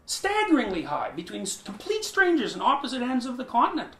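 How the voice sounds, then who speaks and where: A man's voice: extremely high pitch, wildly swooping pitch, fairly quick, sharp tone. A man lecturing who often restarts his phrases, thinks aloud and stresses key words. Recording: roomy echo.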